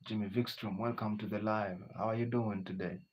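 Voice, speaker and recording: Husky-voiced man chatting on a livestream. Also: on the low side, fairly even intonation, a little fast. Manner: chatty, reads out viewer comments, frequent "you know". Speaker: livestream host. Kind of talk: casual live-stream chat with viewers. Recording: dull lo-fi stream audio.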